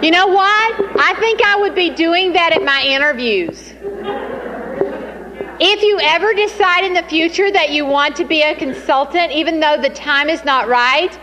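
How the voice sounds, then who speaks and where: A woman leading a sales training session, lively and teasing as she talks straight to the group. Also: very high voice, moderate pace, in a large hall, a crowd in the background, background noise.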